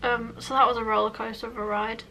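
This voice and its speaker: A woman's voice: fairly high pitch, flat delivery, quick pace, sharp tone, far from the mic, slight background noise. A young woman talking in a casual reaction vlog at home, emotional and gushing, saying "literally" again and again. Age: young adult. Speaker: vlogger. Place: upstairs room at home.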